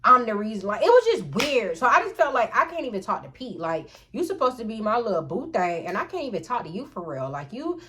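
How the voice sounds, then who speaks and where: A woman's voice: fairly high pitch, big pitch swings, fast talker, few pauses, fairly bright tone. A woman telling a casual, profane storytime straight to her viewers. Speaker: storytime vlogger.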